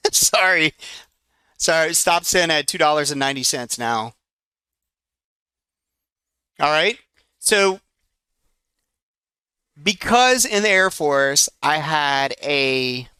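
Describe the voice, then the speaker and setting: An eager man in his forties leads a live trading session. His voice is bright and forceful, clean and smooth, recorded close and dry. He talks in a chatty, excitable way and keeps breaking off to handle trades. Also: on the high side, no room sound. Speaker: trading educator. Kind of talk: live trading room teaching.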